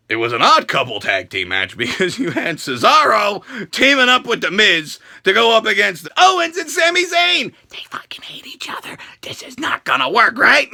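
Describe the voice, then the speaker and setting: Profane, animated male wrestling ranter. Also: extremely high pitch, gravelly. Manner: profane, sarcastic, animated, acts out quotes in silly voices. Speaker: wrestling show reviewer. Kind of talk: ranting show recap.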